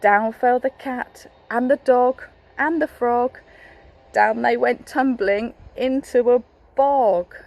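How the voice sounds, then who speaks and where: A woman's voice: fairly high pitch, slow, vocal fry, darkish tone, rough recording. A young woman teacher reading a picture book aloud to a class, encouraging and asking the children questions.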